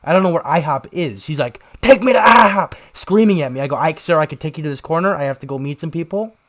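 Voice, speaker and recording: A young man co-hosting a podcast, telling a rambling story in casual chat and shouting out the lines he quotes. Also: on the high side, rapid-fire. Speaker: podcast co-host.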